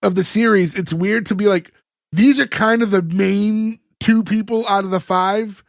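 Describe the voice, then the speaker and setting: A man's voice: high voice, fairly even intonation, normal speed, creaky, no echo, clean studio sound. A man co-hosting a podcast, chatting casually and rambling about a sitcom episode with lots of fillers. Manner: rambling, laughs often, many fillers. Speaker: podcast co-host.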